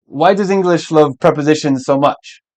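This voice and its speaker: Man doing a flustered apologetic office guy, a bit higher and louder, hurried, eager to please. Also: lightly acted.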